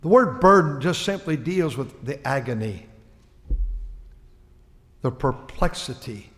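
An older man preaching a sermon to his church, impassioned, swinging between quiet confiding and loud pleading. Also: mid-range voice, lively intonation, slow. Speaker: pastor. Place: church sanctuary. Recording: long reverb of a church hall.

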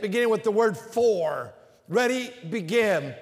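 A man's voice: very high voice, lively intonation, moderate pace, long reverb tail. A man preaching an emphatic sermon as a Baptist preacher, leading his congregation in call-and-response. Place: large church with balcony and bleachers.

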